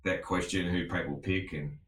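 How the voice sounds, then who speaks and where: An Australian man hosting a casual podcast chat, relaxed, swearing freely and laughing often. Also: sits low, normal speed, reverberant. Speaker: podcast host.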